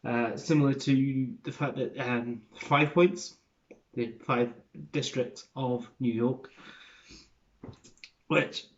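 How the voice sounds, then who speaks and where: A man's voice: medium pitch, fairly even intonation, slow, pauses often, muffled recording. A young man explaining a topic in casual talk, rambling and unsure, often restarting and correcting himself. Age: young adult. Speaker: video creator explaining an accent.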